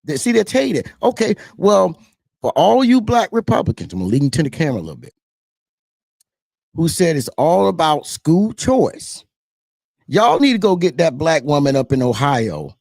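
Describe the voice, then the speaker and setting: A man with a Southern US twang talks politics straight to camera, preaching and repeating his points to the viewers he calls y'all. His voice is gravelly and fairly high, and his pitch swings widely. The sound is dry and close. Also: sing-song, moderate pace, darkish tone, no room sound. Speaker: political talk show host. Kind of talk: casual political commentary to camera.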